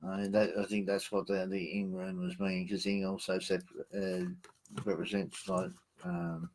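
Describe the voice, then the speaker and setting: A man's voice: low-pitched, moderate pace, darkish tone, slight background noise, low-quality recording. A man co-hosting a live online reading show, interpreting runes with hesitant fillers and a dry, self-mocking humour. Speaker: co-host and rune reader.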